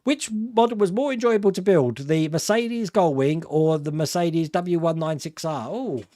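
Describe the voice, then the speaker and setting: A dry, studio-quality recording captures a middle-aged British man with a British accent reading and chatting through viewer comments on his live stream. His voice is on the high side and mellow, moderately paced, and he's chatty, rambling, quick to laugh, and self-mocking.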